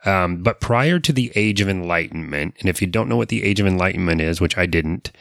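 A man's voice: sits low, animated, brisk, gravelly, a bit bright. A man co-hosting a casual podcast, talkative and self-deprecating, with frequent fillers and restarts. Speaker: podcast co-host.

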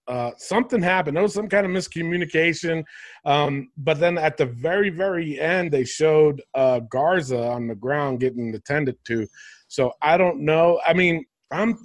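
A man's voice: on the high side, no room sound, clean studio sound. A man hosting a casual podcast chat, talking animatedly and swearing freely. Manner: animated, swears, mimics commentators. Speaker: podcast host. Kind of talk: casual wrestling review chat.

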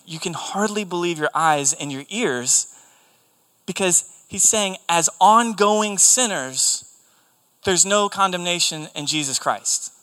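Young male preacher, earnest and emphatic; bright, forceful tone. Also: a little high. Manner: earnest, emphatic, repeats key phrases. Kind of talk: sermon.

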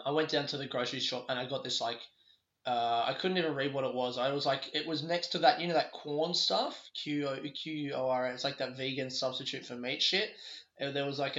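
Bright-voiced man rambling in an echoey room. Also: medium pitch. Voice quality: sweary, rambling, quick laughs. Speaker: podcast host. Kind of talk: casual solo podcast storytelling. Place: a bedroom in a borrowed house. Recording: echoey room, dull lo-fi sound.

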